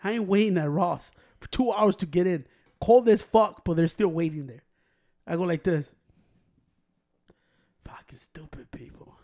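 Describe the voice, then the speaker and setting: Man, high-pitched, casual chat, profane, mocking. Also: normal speed, warm tone.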